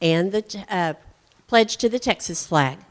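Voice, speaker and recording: Woman at a school board mic giving out an award, lowish voice, lots of ums. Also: animated, a little slow, a crowd in the background. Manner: warm praise with frequent ums. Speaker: school administrator presenting awards. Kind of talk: public speech at a board meeting.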